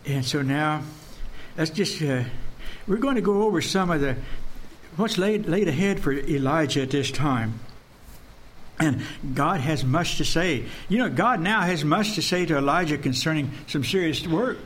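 A man preaching an earnest sermon, repeating phrases and dropping to a hush to stress a point. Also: a little high, lively intonation, normal speed, a little hiss or hum. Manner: earnest, repetitive, drops to a hush for emphasis.

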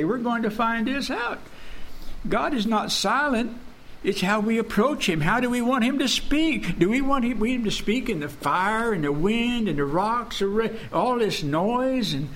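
A man preaching an earnest sermon, repeating phrases and dropping to a hush to stress a point. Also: high-pitched, slight background noise. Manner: earnest, repetitive, drops to a hush for emphasis.

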